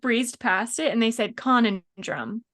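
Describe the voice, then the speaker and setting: A woman hosting a book podcast and running a quiz, giggly and quick to agree. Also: fairly high pitch, a bit bright, no room sound, clean studio sound. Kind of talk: casual chat.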